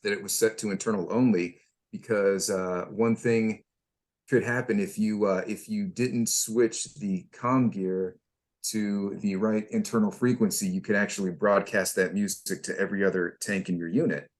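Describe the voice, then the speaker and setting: Lowish guy rambling army stories, lots of restarts and fillers. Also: steady tone. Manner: halting, many restarts and fillers. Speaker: guest, former tank crewman. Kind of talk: casual storytelling.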